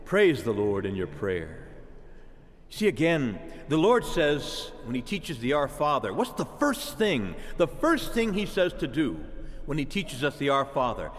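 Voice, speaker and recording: A man preaching a sermon to his congregation, animated and calling out to the church for an amen. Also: medium pitch, unhurried, long reverb tail.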